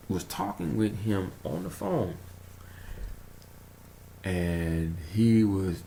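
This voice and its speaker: A man with a low voice and a gravelly edge talks in a loose, rambling monologue. His pitch swings widely as he tells his stories, and he chuckles and trails off while hunting for words. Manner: animated storytelling, chuckles, trails off searching for words. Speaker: conspiracy vlogger.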